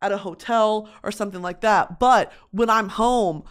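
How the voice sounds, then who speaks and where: Chatting casually from her home studio, this young podcast host is expressive, swears a lot and mocks herself with exaggerated voices. She has a clean, mid-range voice and talks at normal speed.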